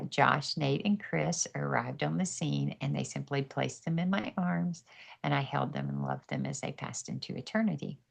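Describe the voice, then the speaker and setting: A middle-aged woman with an extremely low, creaky voice shares her personal faith testimony on a podcast. She's earnest and animated, acting out her own inner dialogue.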